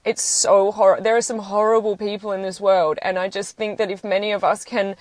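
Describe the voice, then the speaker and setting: A woman's voice: medium pitch, little pitch movement, fairly quick, a little mellow, dry recording. Woman, close to tears, earnest, swears, live-stream monologue, dead dry sound. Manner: earnest, tearful, swears freely. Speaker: social media livestreamer.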